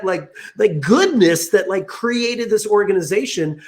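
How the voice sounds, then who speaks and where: A man with a slightly high voice talks with lively energy on a video call, acting out the voices in his stories. He fills his speech with casual asides and quick restarts. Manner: animated, acts out people's voices, many fillers like "you know". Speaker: guest speaker on play at work. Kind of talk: energetic conversational interview answers.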